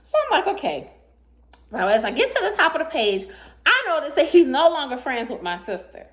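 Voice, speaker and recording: A woman vlogger telling a dating story in a casual storytime, sassy and animated, often laughing as she acts out both sides of the chat. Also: high voice, fairly quick.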